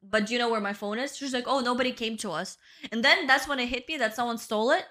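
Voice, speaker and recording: Young woman, podcast co-host, high and bright, casual storyteller with a lot of "bro". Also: fast. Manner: storytelling, swears, says "bro" and "right?". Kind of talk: casual chat.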